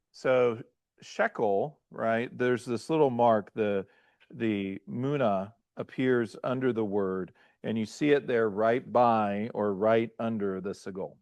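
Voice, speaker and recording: A man who is a pastor, teaching a class in a halting lecture style and often checking in with "right?" and "okay?". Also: fairly low pitch, no room sound. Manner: halting, restarts mid-phrase.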